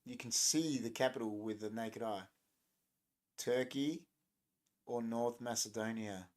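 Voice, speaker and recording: This young man hosting a livestream keeps a steady tone and a measured pace in his mid-range voice. His casual chat is loose and rambling, full of jokes as he responds to what viewers type.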